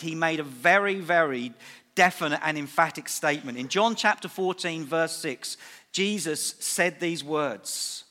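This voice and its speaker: A man's voice: on the high side, pushed and bright. A middle-aged man preaching a sermon at a church service, emphatic and repeating key phrases for weight. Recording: reverberant church hall.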